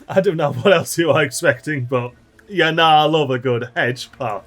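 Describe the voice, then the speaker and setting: A man giving excitable, chatty let's play commentary and talking to the little characters in his game. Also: on the high side, normal speed, soft background music. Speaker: gaming channel host.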